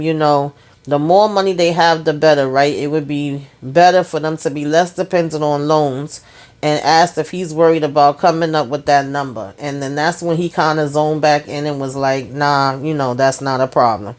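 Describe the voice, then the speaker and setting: With a low, darkish voice, a woman who vlogs TV recaps walks through an episode chattily and colloquially. Peppering her talk with "okay?" and "y'all," she performs the characters' lines along the way.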